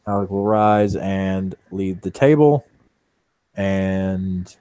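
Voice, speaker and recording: Man, tabletop player, lowish voice, measured narration. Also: warm tone, clear, resonant tone. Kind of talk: tabletop role-play narration.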